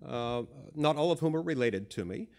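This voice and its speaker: A man's voice: mid-range voice, expressive, normal speed, vocal fry, a little mellow. A man, a senator, giving a humorous speech built on anecdotes, told in a dry, self-deprecating way.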